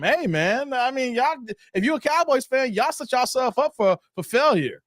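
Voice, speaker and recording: Man, livestream host, high voice, dry close sound, slangy, shouts out chatters, animated. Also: normal speed, dry recording. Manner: loose and slangy, greets chat viewers by name; animated, jumps high in pitch when worked up. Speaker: live stream host. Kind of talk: casual live stream chat.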